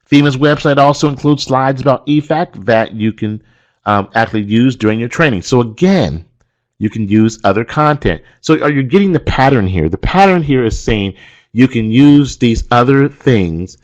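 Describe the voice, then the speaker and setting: A male trainer talks other instructors through a teaching module, his voice sitting at an ordinary middle pitch. He coaches with emphasis and circles back to repeat what matters most. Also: expressive, moderate pace, dull audio. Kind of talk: instructional walkthrough.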